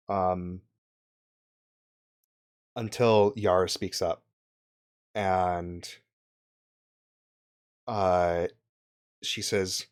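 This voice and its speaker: A young man narrating a tabletop game as game master, halting with many fillers and restarts. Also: on the low side, a little mellow, clear, resonant tone.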